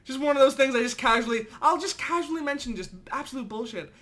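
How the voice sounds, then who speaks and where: A man's voice: very high voice, fast, fairly bright tone. A man co-hosting a casual fan podcast, rambling and giggly with many fillers. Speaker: podcast co-host.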